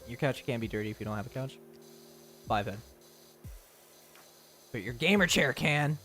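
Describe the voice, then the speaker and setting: Young guy streaming, rambly and jokey, just talking to chat, mid voice, quiet music under it. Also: mid-range voice, animated, moderate pace. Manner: rambling, joking, answers chat with frequent laughs. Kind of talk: casual live-stream chat.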